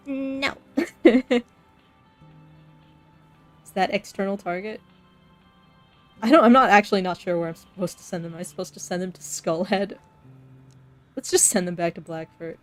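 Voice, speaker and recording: A woman's voice: medium pitch, moderate pace, pauses often, faint music behind. Giggly young woman streaming a game. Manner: giggly, talks to herself while playing. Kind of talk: casual let's play commentary. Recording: faint background noise.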